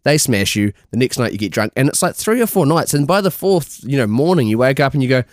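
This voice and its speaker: A man with an ordinary mid-range voice spins animated, sweary tales and slips into quick impressions. The chat is casual and the recording sits close and dry. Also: medium pitch, dry recording. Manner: animated, sweary, mimics lads in quotes. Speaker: podcast co-host. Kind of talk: casual drunk podcast chat.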